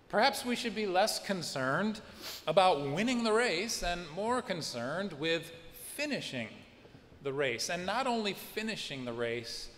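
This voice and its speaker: A pastor delivering a sermon in a church, expressive, acting out the people he quotes. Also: high voice, a little slow, long reverb tail, a little hiss or hum. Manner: expressive preaching with acted-out quotes. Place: church sanctuary.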